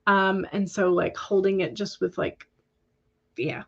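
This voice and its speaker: A woman's voice: mid-range voice, fairly even intonation, a little slow, creaky, fairly bright tone, lo-fi sound. A woman hosting a casual livestream chat, talking in a chatty, hesitant way with many ums and small laughs. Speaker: livestream host of writing sprints.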